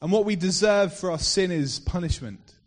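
A man with a fairly high voice preaches to his congregation, telling a parable with animated, swelling emphasis. His voice rings out with a long reverb, as if filling a large hall. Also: moderate pace. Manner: expressive storytelling, rising to loud emphasis in dramatic passages. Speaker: pastor. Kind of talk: sermon.

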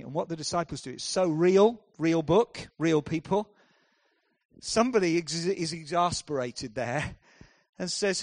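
A man preaching a sermon, swinging between hushed, slow lines and loud, driving ones. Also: on the high side, animated, no echo, clean studio sound. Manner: dramatic swings from hushed to loud, acts out voices.

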